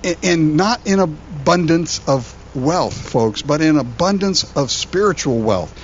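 A man who is a pastor, preaching a sermon in an animated, conversational way, often repeating words as he goes. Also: on the high side, measured pace, dull audio, a little hiss or hum.

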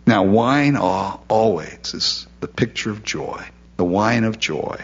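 A man's voice: fairly low pitch, animated, slow pace, muffled recording. A man preaching a sermon in a conversational way, with frequent asides and quoted voices.

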